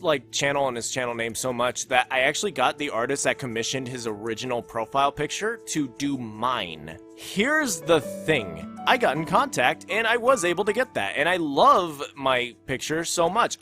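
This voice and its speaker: A young man hosting a gaming channel, talking casually over gameplay in a rambling, excitable, self-conscious way. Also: medium pitch. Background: faint game music.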